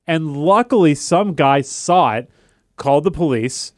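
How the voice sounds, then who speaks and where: A man's voice: on the high side, animated, a little slow, dry recording, clean studio sound. A young man co-hosting a casual talk show, telling a long story and acting out the voices of the people in it. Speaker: podcast co-host.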